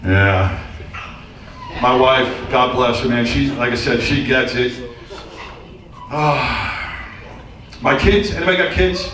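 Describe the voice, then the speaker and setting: A man's voice: medium pitch, slow, pauses often. Middle-aged man doing stand-up in an echoey theater. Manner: loose, rambling storytelling with crude punchlines. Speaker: stand-up comedian and hypnotist. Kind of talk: stand-up comedy routine. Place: theater stage before a live audience. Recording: very echoey, distant room sound with faint noise.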